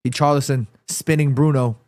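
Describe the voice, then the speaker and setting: A man with a stuffy nose hosting a live football watchalong stream, reacting excitedly to the match and reading viewers' chat messages aloud. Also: medium pitch, normal speed, dry recording, clean studio sound.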